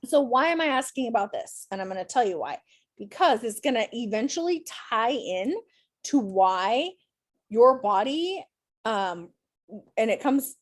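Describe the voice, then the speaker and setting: A woman's voice: fairly high pitch, a little mellow. A woman teaching an online class over a video call, chatty and encouraging, her voice tired after a day of teaching. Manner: chatty, encouraging, upbeat with students.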